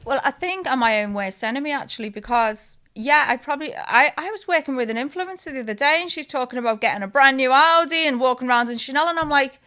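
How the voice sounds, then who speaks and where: A woman with a bright, forceful voice tells stories in a relaxed interview chat. She pitches up and gets loud when she acts out what others said, then drops back to a quick, easy talk. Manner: animated storyteller, acts out quoted voices loudly. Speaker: guest, lookalike model. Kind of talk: casual podcast interview.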